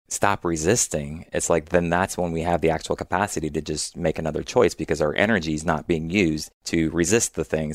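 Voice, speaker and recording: Deep-voiced calm man explaining. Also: dry recording, studio quality. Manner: calm, explanatory, uses spoken examples of inner voices. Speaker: guest speaker on emotions. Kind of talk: reflective podcast conversation.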